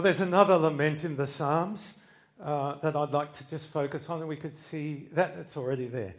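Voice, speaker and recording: A man preaching a sermon in an earnest way, swinging from loud quoted cries to hushed asides. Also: on the high side.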